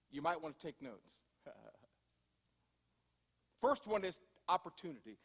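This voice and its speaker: In a church sanctuary full of long, ringing reverb, a male pastor with a very high voice preaches a sermon. His delivery is conversational storytelling: he slows down to stress points and rushes through his asides.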